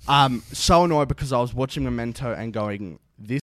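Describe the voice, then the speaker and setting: A young man chatting on a podcast, voice at an average pitch and recorded dry and close. He talks in an animated rush, full of fillers and casual swearing. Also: moderate pace, no echo. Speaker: podcast co-host. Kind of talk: casual chat.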